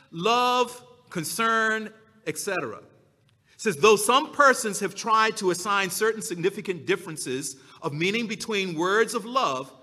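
A man preaching a sermon as pastor, slow and emphatic, drawing out his key words. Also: high-pitched, bright, forceful tone, in a large hall.

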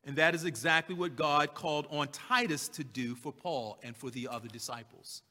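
A man preaching a sermon, repeating key phrases with slow emphasis and drawing out scripture readings. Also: fairly high pitch, sharp tone. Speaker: pastor. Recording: long hall reverb.

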